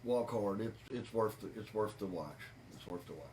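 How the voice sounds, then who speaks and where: A man hosting a podcast, chatting casually about a movie with animated, repetitive emphasis. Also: fairly low pitch, moderate pace, a little hiss or hum. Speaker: podcast host. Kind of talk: casual movie review chat.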